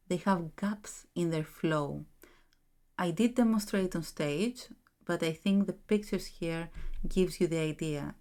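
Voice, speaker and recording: A Greek-accented woman delivers a lecture on poetry and the rhythm of language. Her voice sits slightly low for a woman. She speaks with emphasis, marking beats with her voice to make each point land. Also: darkish tone. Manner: emphatic, demonstrates rhythms by chanting and clapping. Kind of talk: presentation talk.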